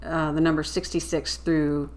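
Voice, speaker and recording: A woman from a small American town co-hosting a podcast, animated and quick to gasp and laugh in casual chat. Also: deep voice. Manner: animated, gasps and laughs often. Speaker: podcast co-host.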